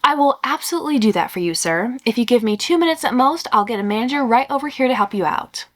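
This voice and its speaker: A woman voicing an extra-perky young female call-center rep who answers with bright, chirpy, scripted politeness. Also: fairly high pitch, lively intonation, fast, pitched above the performer's own voice. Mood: eager.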